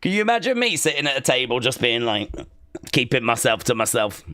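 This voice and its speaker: A man hosting a live watch-along stream, chatting in a rambling, excitable way and reading viewer comments aloud. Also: medium pitch, brisk, no echo, studio quality.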